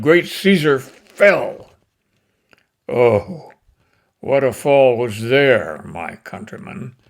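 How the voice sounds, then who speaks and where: A man's voice: mid-range voice, pitched above the performer's own voice. A man reading the part of a grieving Roman orator, declaiming to stir a crowd. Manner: impassioned, declamatory.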